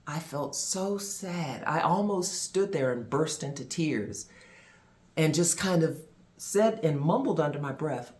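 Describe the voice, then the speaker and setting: A man vlogger and minister telling a personal story to camera, with dramatic pauses and expressive delivery. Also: fairly high pitch.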